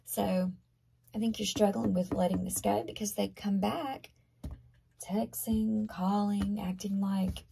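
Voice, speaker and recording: A woman giving a tarot card reading to viewers, talking earnestly and conversationally, often dropping into soft half-whispers. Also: mid-range voice, fairly even intonation, measured pace, vocal fry, a little hiss or hum. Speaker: tarot reader.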